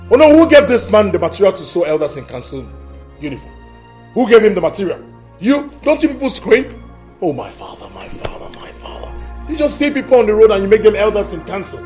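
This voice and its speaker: A scheming young prince with a Nigerian accent, his fairly high voice swinging wide as he mocks and dismisses everyone. Faint film music sits behind him. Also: sing-song, quick pace, a little mellow. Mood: scornful. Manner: mocking, dismissive and theatrical. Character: arrogant scheming young prince craving the throne. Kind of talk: Nollywood film acting.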